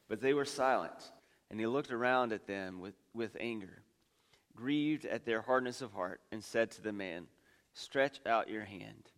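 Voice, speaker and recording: Man, mid-pitched voice, gospel reading, measured, long church reverb.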